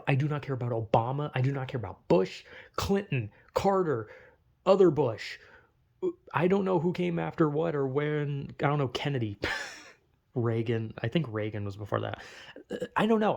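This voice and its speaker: A man's voice: mid-range voice, vocal fry, a little mellow. A man ranting casually to camera, blunt and full of swearing, laughing at his own jokes. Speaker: vlogger. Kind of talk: profane casual rant.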